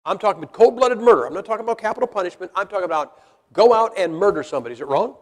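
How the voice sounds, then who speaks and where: The man preaching here has a high, animated voice and speaks very fast. In a church hall, he addresses the congregation bluntly and folksily, hitting them with rhetorical questions. The long reverb of a large hall fills the recording.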